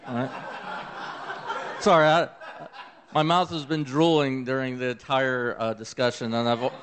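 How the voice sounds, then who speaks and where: Mid-range in pitch and fairly bright in tone, this man's voice is flat in delivery and a bit slow. He's a Memphis, Tennessee native with a Southern accent giving an enthusiastic, conversational conference talk on his eclipse accessibility science project, complete with fillers and asides.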